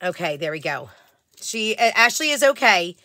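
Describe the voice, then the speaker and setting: Chatty female live-stream host, craft seller, bright and a touch high, dry close sound. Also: big pitch swings, moderate pace, no echo. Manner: chatty, greets viewers by name, many fillers. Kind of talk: casual live-stream chat.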